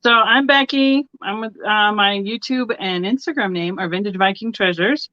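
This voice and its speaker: A woman's voice: medium pitch, normal speed, no room sound. Chatty woman on a dull dry call line. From Colorado. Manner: chatty, rambling with fillers. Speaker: guest seller. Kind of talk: casual chat on a live stream. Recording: dull dry lo-fi stream audio.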